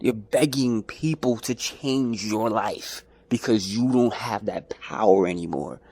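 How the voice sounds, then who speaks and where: A man's voice: fairly low pitch, a little slow, darkish tone, husky. A man ranting in a rambling, profane vlog monologue, jumping between mocking voices and his own. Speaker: vlogger.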